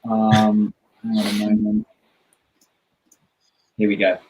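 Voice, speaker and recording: A man's voice: fairly low pitch, completely flat delivery, takes it slowly, a little mellow, slight background noise, rough recording. A tired man co-hosting a casual livestream, chatty and rambling, often breaking off mid-sentence. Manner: rambling, chatty, self-interrupting. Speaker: livestream co-host.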